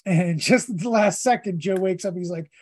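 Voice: mid-range voice, moderate pace, slightly rough. A podcast host giving a casual, rambling recap of a comic story, hesitating often with fillers.

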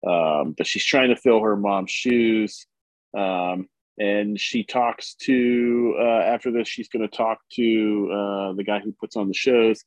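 A man's voice: fairly low pitch, slow, no echo, low-quality recording. A man co-hosting a podcast, casually retelling a comic book's story with lots of ums and uhs. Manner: relaxed, rambling with many ums and uhs. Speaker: podcast co-host reviewing comics.

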